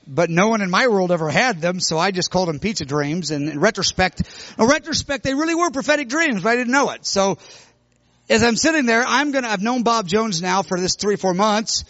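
High-voiced animated male preacher. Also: no room sound, dull audio. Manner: animated, bursts into loud shouts when retelling. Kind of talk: sermon testimony storytelling.

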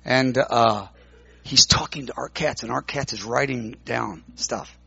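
A man preaching, telling a story with many halting restarts and repeated words. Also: mid-range voice, vocal fry, fairly bright tone, slightly rough, muffled recording. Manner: halting, repeats words while recounting dialogue. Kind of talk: sermon storytelling.

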